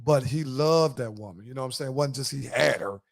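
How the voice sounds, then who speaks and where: A man's voice: medium pitch, a little fast, vocal fry. A man hosting a podcast in a casual chat, telling loose, profane stories and acting out quotes. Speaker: podcast host.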